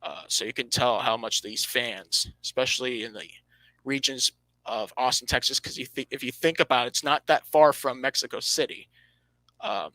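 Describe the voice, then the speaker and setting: A man hosting a motorsport podcast, breaking down standings and races in an animated, emphatic way, often correcting himself mid-sentence. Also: mid-range voice, no room sound, poor audio. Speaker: podcast host.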